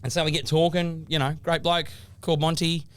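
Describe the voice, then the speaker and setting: An Australian man in his thirties co-hosting a podcast, telling stories with animated energy and mock sternness. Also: on the high side, brisk, clean tone, no room sound. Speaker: podcast co-host. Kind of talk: casual banter.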